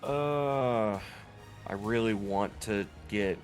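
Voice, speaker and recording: Slow-talking low male player, hesitant, soft music behind. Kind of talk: tabletop game play.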